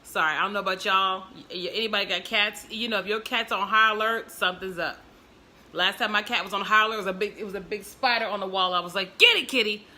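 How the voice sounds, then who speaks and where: A woman talks straight to her followers on a livestream from home. Her voice is very bright and forward, at a middling pitch. She is chatty and expressive. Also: quick pace. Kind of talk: casual livestream talk.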